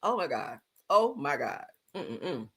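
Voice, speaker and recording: A woman hosting a live stream, chatting casually and loudly, laughing often and throwing slangy asides to her viewers. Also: extremely low pitch, slow, husky. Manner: loud, laughing, animated gossip with slangy asides.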